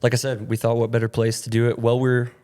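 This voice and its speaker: A man's voice: mid-range voice, completely flat delivery, fast, darkish tone. A young man from upstate New York talks into a studio mic, his voice stuffy and nasal. He rambles easily between topics and leans on fillers. He laughs often as he goes. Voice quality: nasally, congested from allergies. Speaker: podcast co-host. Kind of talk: casual chat. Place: rented studio.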